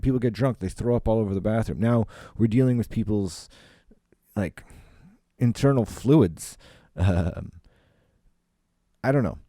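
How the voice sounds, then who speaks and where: A man's voice: on the low side, mellow, no room sound, studio quality. A Canadian man, a comedian, rambling on his solo podcast from home, swearing often and full of fillers. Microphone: home podcast microphone.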